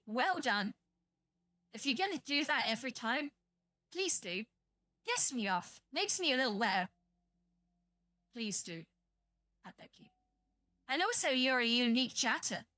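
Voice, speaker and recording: A woman's voice: on the high side, animated, unhurried, pauses often, sharp tone, no echo. A young British woman streaming live, chatting to viewers in a blunt, profane, rambling way and sounding tired. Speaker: livestreamer.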